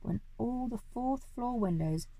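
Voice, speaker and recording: A woman's voice: fairly high pitch, animated, measured pace, warm tone, rough recording. A woman reading a children's story aloud expressively, now and then correcting small slips.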